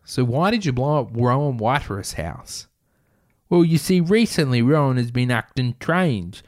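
A man reading aloud and voicing a cocky, unrepentant male bomber who talks bluntly and roughly. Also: mid-range voice, expressive, unhurried, natural voice. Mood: matter-of-fact.

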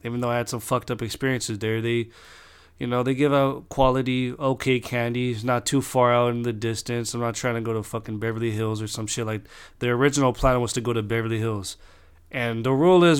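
A man's voice: medium pitch, fairly even intonation, fairly quick, clear, resonant tone. A young man telling a long personal story in a rambling, casual way, swearing constantly and restarting his sentences.

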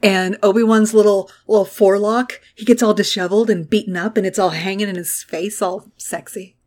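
A woman's voice: medium pitch, steady tone, brisk, darkish tone. A woman co-hosting a podcast, casually recapping an episode, sarcastic and swearing freely. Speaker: podcast co-host.

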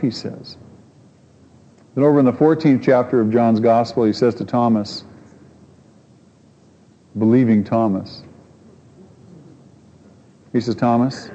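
A man's voice: mid-range voice, lively intonation, unhurried, long pauses. A man preaching a sermon in an earnest, emphatic way, asking his listeners rhetorical questions. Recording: muffled recording in a reverberant hall.

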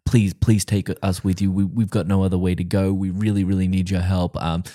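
A man's voice: deep voice, little pitch movement, fairly quick, warm tone, no room sound, studio quality. A man co-hosting a casual podcast, recapping a show's scenes and acting out the characters' lines as he goes. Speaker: podcast co-host. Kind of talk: casual chat recapping a show.

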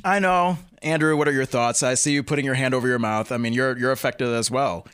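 A man's voice: medium pitch, fairly even intonation, a little fast, a bit bright, clear, resonant tone. Teasing male gossip host. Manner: teasing, playful, hesitant. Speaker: podcast host. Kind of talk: casual celebrity gossip chat.

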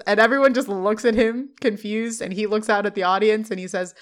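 A woman's voice: on the high side, animated, normal speed, fairly bright tone. A woman co-hosting a podcast, retelling an episode scene by scene and quoting the characters' lines. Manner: laughs often while recounting. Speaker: podcast co-host. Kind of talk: scene-by-scene recap.

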